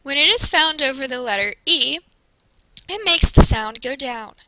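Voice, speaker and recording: High bright woman teaching clearly. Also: animated, dry recording, poor audio. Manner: slow, careful explanation with modeled pronunciations. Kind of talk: recorded classroom presentation.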